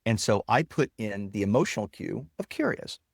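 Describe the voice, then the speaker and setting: Male software founder, casual demo talk, dead-dry recording. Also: on the low side, very animated, normal speed, vocal fry, husky, dry recording. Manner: explains while demonstrating software on screen. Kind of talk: casual interview.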